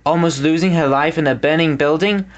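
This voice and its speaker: A man reading a children's storybook aloud as the narrator, with an expressive delivery. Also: fairly high pitch, brisk. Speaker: audiobook reader.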